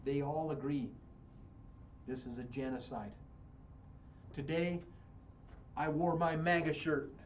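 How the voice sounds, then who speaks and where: A man's voice: on the high side, fairly even intonation, slow, pauses often, muffled recording, a little hiss or hum. An American man hosting a radio show, giving fiery political commentary and repeating phrases for emphasis. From United States. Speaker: radio host.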